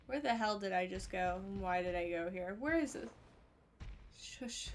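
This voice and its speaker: A woman streamer giving excitable, foul-mouthed commentary to her viewers while playing a game. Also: mid-range voice, moderate pace, a little hiss or hum. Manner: excitable, swears freely, talks to her viewers. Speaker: gaming streamer. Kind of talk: let's play commentary. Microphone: headset or desk mic.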